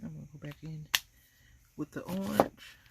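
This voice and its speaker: A woman's voice: low-pitched, normal speed, very noisy. A woman hosting a craft video, chatting casually and rambling with amusement while she colors.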